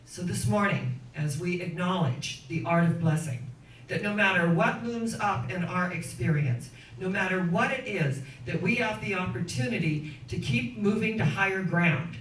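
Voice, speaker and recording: A woman's voice: fairly low pitch, normal speed. A middle-aged woman minister preaches in an earnest, storytelling way and builds her points into rhythmic lists. She is picked up from a distance in a roomy, echoing church. A faint hiss sits under her voice. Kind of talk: sermon. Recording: echoey room, distant mic, faint noise.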